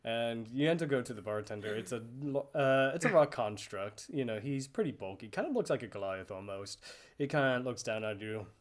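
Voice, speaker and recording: A man narrating as dungeon master, describing scenes in a relaxed, loosely improvised way. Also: medium pitch, brisk, hardly any pauses. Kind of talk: narrating a tabletop game.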